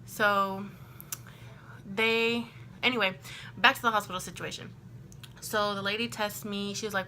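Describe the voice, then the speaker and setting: A young woman from Texas telling a storytime to her camera in a chatty, animated way, full of "like" and acted-out quotes. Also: mid-range voice, slight background noise. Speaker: vlogger. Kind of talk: casual storytime.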